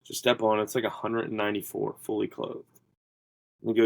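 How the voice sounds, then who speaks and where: A man with a lowish voice tells his story as a podcast guest in a loose, rambling way. He leans on "like" and acts out his own lines and other people's. The sound is dry and close, with no room around it. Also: monotone, fast talker, creaky, slightly rough, no echo, poor audio. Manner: rambling, filler-heavy, quotes people in his stories. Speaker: podcast guest, strongman athlete. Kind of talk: casual interview storytelling.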